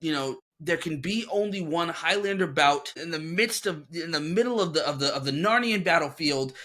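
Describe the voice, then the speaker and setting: A man talking casually on a podcast as a co-host. He rambles, swears freely, and gets animated. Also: on the high side, moderate pace.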